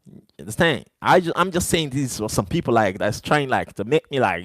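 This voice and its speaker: Very animated and a little fast, a man's mid-range voice comes through with no room sound as he hosts a live stream. He talks to his chat in English, his second language, insistently repeating himself.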